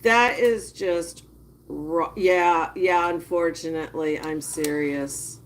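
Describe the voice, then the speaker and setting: A woman giving casual live-stream commentary, chatting with viewers and reacting with drawn-out disgust. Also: fairly low pitch, slight background noise. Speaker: livestreamer.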